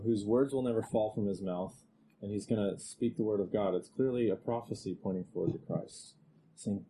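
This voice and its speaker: A male preacher giving a conversational expository sermon, growing animated when he reads scripture aloud. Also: mid-range voice, a little hiss or hum, rough recording.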